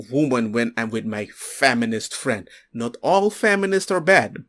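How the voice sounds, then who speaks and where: A man in a casual monologue, telling personal stories and acting out what others said. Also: fairly high pitch. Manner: animated storyteller, acts out others' lines. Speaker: commentator.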